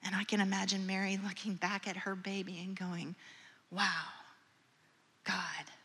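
A woman, a mother herself, retelling a scripture story as a gentle, imaginative sermon with hushed moments. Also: medium pitch, little pitch movement, brisk, slightly rough. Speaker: preacher or speaker. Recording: long hall reverb.

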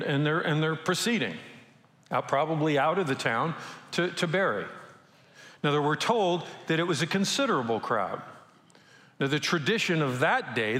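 A man preaching a sermon as a pastor, telling a story with energy and throwing rhetorical questions at his listeners. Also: a little high. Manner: animated storytelling, asks the audience rhetorical questions. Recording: echoey hall with long reverb.

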